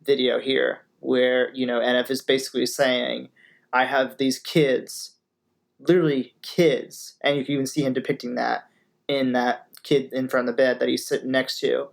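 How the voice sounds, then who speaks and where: A man's voice: mid-range voice, level tone, normal speed, vocal fry. Rambling young man hosting a reaction video. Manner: rambling, filler-heavy, upbeat. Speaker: music reaction host. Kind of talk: casual reaction commentary.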